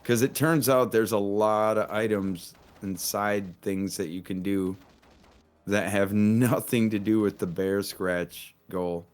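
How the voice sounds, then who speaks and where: A man's voice: on the low side, steady tone, slow, smooth. A man casually commenting on his own speedrun, laid-back and giggly, rambling a little. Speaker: speedrunner in the race. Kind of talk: casual commentary while playing.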